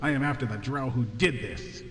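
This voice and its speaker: A man's voice: medium pitch, moderate pace, a bit bright, faint music behind, close to an everyday voice. An actor playing a proud, formal bird-man warrior who wants vengeance, heard in game audio with roomy reverb. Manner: formal, honor-bound, vengeful.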